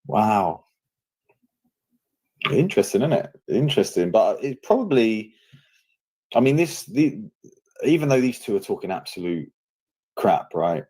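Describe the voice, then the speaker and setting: A man's voice: on the low side, very animated, unhurried, long pauses, a little mellow, breathy edge. A young man giving casual reaction commentary in a mocking, sarcastic tone, with plenty of rhetorical questions.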